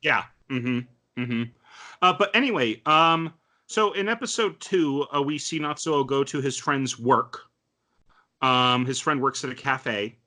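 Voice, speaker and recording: A man co-hosting a casual podcast, recapping an anime with lots of ums and quick acted-out quotes. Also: mid-range voice, pushed and bright. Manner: chatty, many fillers, acts out quotes. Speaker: podcast co-host. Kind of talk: casual anime review chat.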